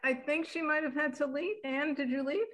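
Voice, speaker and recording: A woman taking part in a group video call, speaking softly. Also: sits high, moderate pace, poor audio. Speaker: group participant. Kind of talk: casual remarks on a video call.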